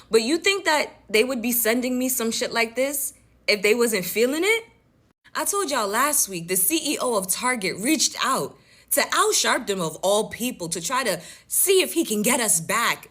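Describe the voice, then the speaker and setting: Woman going off in her commentary, swears a lot, voice bouncing all over. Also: a little high. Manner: blunt, profane, animated commentary. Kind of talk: reacting to news clips, reading an email aloud.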